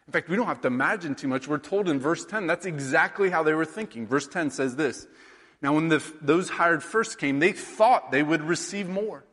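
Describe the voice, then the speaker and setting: A man's voice: a little high, normal speed, a bit bright, in a large hall. A man in his thirties from rural Iowa, preaching a sermon in a conversational way, with lots of rhetorical questions. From rural Iowa, USA. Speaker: pastor.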